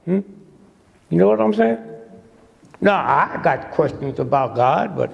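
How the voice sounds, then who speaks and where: An old man in his eighties lectures an audience in a teasing, preacherly way and keeps checking in with a "hmm?". His voice is gravelly and sits a little high for a man. The sound carries a long reverb from a big lecture hall. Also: animated, unhurried, muffled recording. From United States. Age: 80s. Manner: preacherly, teasing, asks "hmm?" after nearly every point. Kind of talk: comedic lecture to a live audience.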